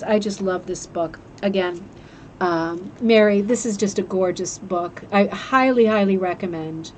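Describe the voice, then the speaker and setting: A chatty woman hosts a craft club stream at an ordinary mid pitch, gushing and restarting her sentences as she talks into a webcam. A faint hum of room ambience sits under her voice. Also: darkish tone. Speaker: host of a rug hooking club livestream. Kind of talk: casual chat, reviewing a book.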